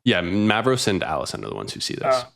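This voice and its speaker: A man's voice: fairly low pitch, huge pitch swings, quick pace, gravelly, a bit bright. A man running a tabletop game as game master, narrating loosely with fillers.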